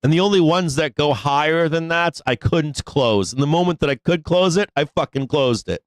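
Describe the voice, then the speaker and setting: A man's voice: fairly high pitch, normal speed, clear, resonant tone, dry recording. A man hosting a live stock market show, ranting casually and profanely about trading with frequent laughs.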